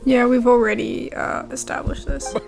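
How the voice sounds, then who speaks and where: Wry woman gamer, gravelly voice. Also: fairly high pitch, fairly even intonation, normal speed, a little mellow, faint music behind. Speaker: gamer commentating her playthrough. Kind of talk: casual commentary over game.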